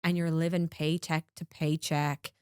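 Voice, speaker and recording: A woman hosting a casual podcast interview, chatty and animated, swearing casually. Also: deep voice, a little slow, clean tone, no echo, studio quality. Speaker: podcast host.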